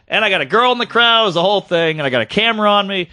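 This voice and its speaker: A man, a comedian, telling a story on a podcast in an animated, profane, self-deprecating way. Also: sits high, fast, clean tone.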